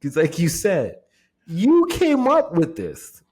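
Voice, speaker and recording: A man's voice: a little high, huge pitch swings, slow pace, darkish tone, husky. A man co-hosting a podcast, teasing his partner in casual banter, laughing a lot and swearing freely. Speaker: podcast co-host. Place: indoor recording set.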